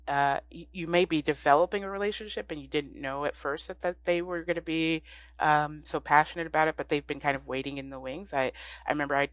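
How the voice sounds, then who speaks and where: A woman guest on a podcast interview, talking in a thoughtful, relaxed way with many fillers and restarts. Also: low voice, no room sound. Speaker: guest, ranked choice voting advocate.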